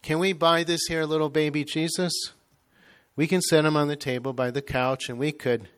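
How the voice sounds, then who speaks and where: A man's voice: fairly high pitch, little pitch movement, normal speed, a bit bright, clear, resonant tone, pitched above the performer's own voice, lightly acted. A man reading a story aloud, voicing an earnest little girl pleading with her mother. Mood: eager.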